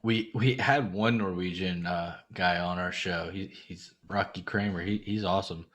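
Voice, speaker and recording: A man's voice: deep voice, steady tone, normal speed, a bit bright. A man co-hosting a podcast, talking casually in a laid-back way, swearing a lot and trailing off mid-thought. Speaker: podcast co-host. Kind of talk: casual chat.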